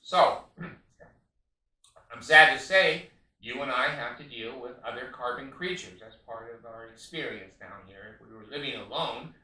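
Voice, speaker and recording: A man's voice: mid-range voice, normal speed, pushed and bright. A man in his late seventies, a counselor giving blunt spiritual advice with profanity and many fillers. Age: 70s. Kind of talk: spiritual self-help monologue. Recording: echoey room, far from mic.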